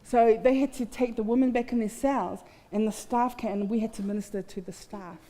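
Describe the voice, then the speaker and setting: Her dark, somewhat high voice stays steady in tone while moving a little fast. As a guest at a festival, she speaks from the stage of a large hall, offering a heartfelt and candid personal account with some humor aimed at herself, under long reverb.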